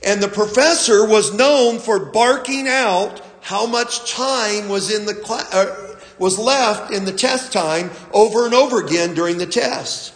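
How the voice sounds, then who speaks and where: A man preaching a sermon as pastor, telling a story slowly with some fillers and restarts. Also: high voice, reverberant, big-room sound.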